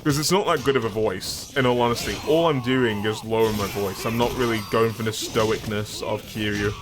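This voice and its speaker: A man giving casual let's-play commentary as a gaming streamer, chatty and self-deprecating. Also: mid-range voice.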